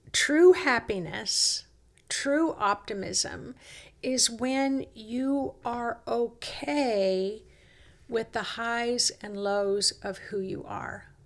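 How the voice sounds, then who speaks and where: A woman talks through a reflective self-help monologue at a slow, easy pace. Her voice sits fairly high, and her manner is coaxing and unhurried. Now and then she acts out short quoted exchanges of inner dialogue. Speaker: host.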